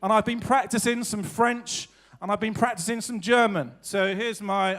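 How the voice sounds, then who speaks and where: A man's voice: high voice, normal speed, fairly bright tone. A man hosting a live evening show, chatting with the audience in a self-mocking, jokey way. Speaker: stage host introducing acts. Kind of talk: comic stage banter with the audience. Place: stage at a live evening event.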